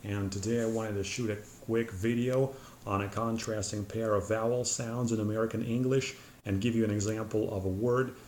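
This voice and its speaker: Deep-voiced man teaching pronunciation, echoey room. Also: a little mellow. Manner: patient, methodical, frequent "uh" pauses. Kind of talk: explanatory lesson to camera. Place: room with a whiteboard. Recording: echoey room, faint ambient noise.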